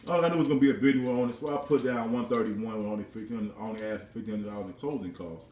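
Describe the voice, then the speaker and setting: A man's voice: mid-range voice, fast talker, a little mellow, distant mic, a little hiss or hum. Rambling man in his thirties, roomy sound. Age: 30s. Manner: rambling, repeats words, chuckles often. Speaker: vlogger. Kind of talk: casual personal storytelling. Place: his own house.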